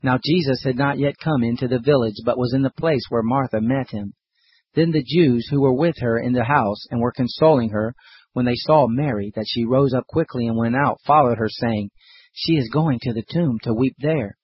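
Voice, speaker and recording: A man giving a measured, scripted reading of scripture aloud. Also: mid-range voice, husky, dull audio. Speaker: scripture reader.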